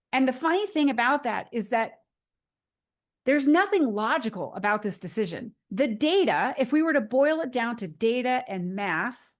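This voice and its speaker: A woman in her forties giving a casual motivational talk to the camera, retelling movie scenes in a chatty storytelling way. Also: on the high side. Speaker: motivational speaker.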